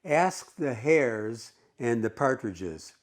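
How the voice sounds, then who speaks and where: A man's voice: mid-range voice, expressive, slow. A proud old man who huffs and bristles whenever his dignity is challenged, with a stiff and pompous manner, as a man reading aloud puts him on. The delivery is a plain classroom reading. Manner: huffy, pompous. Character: proud, grumpy old man on a park bench.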